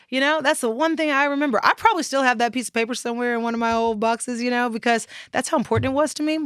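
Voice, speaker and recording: A woman in her thirties chatting as a guest on an interview podcast, telling stories with lively acted-out voices. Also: fairly high pitch, very fast, hardly any pauses, clear, resonant tone, no room sound, studio quality. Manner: lively storyteller, acts out voices and laughs often. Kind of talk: casual interview chat.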